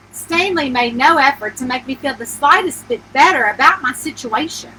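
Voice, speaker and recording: A woman author reads her own novel aloud at home, a bedtime story told in an animated first-person voice. Her pitch sits high and swings widely, with a bright, forward tone. A faint background hiss lies beneath the reading. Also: normal speed, few pauses, rough recording. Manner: animated first-person narration, voicing the heroine with feeling.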